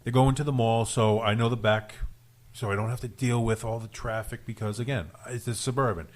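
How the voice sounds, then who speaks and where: Rhode Island guy, radio host, loose, rambling, laughs through his stories; mid-pitched, easygoing chat. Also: a little fast. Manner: rambling storyteller, laughs often. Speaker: radio show host and rideshare driver. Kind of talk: casual studio chat, telling an anecdote. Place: radio studio.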